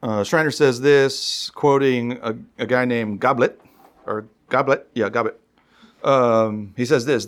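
A man preaching in a conversational, storytelling way, rising in pitch when he reads scripture. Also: measured pace. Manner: conversational, tells stories, rises when reading scripture. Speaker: pastor. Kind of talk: sermon.

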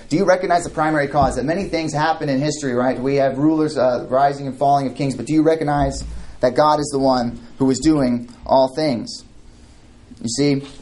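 A man's voice: medium pitch, darkish tone. A man preaching a sermon, speaking conversationally with frequent restarts and asides. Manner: mock voices for quoted idolaters. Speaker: pastor.

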